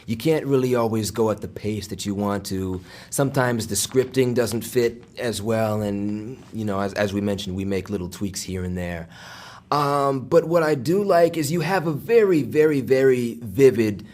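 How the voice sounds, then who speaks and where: A man's voice: on the low side, darkish tone. A man who works as a voice actor, giving long, considered answers in a casual interview. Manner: thoughtful, explains at length in full sentences. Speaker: voice actor guest.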